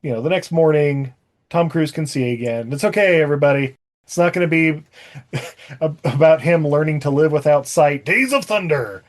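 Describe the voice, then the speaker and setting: A man's voice: fairly high pitch, normal speed. A man co-hosting a podcast, chatting about a movie in a jokey way and laughing often. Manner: jokey, laughs often, bursts into mock voices. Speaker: podcast co-host. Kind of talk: casual comedic movie chat.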